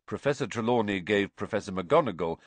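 A middle-aged man narrating an audiobook in a measured, expressive way. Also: fairly low pitch, dry recording. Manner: expressive, measured, varied intonation.

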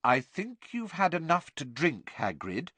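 A man's voice: on the high side, huge pitch swings, unhurried, sharp tone, slightly rough, dry recording, pitched above the performer's own voice, exaggerated voice. A man reading aloud voicing an earnest, bossy teenage schoolgirl in a raised voice.

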